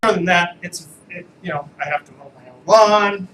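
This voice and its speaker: A man's voice: high-pitched, fairly quick, a bit bright, a little hiss or hum, rough recording. A man, an attorney, giving a casual, joking live training talk to real estate agents and asking the room questions.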